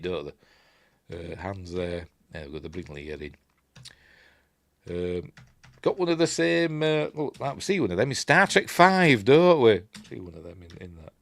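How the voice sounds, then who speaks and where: Low-voiced Yorkshire man chatting about film. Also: dry recording, clean studio sound. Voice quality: rambling, self-correcting, with chuckles and asides. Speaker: film reviewer, channel host. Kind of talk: casual film commentary.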